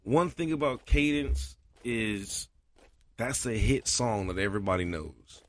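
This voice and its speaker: A man hosting a casual podcast monologue, his voice a little scratchy, talking colloquially and getting animated. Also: mid-range voice, a little slow. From Florida. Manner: animated, swings loud for chanted cadence bits; colloquial, repeats "you know". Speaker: podcast host, cadence caller.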